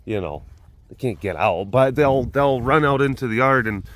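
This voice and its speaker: A man's voice: mid-range voice, lively intonation, normal speed, fairly bright tone. A man hosting his own vlog from an animal facility, telling stories in a rambling, chatty way full of fillers. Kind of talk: casual chat.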